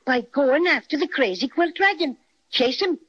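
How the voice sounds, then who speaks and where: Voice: high voice, animated, moderate pace, pushed and bright. A cheery Irish teddy bear. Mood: helpful. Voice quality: lilting, chatty, mock-ferocious. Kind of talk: 1930s radio drama acting. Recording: muffled old radio recording.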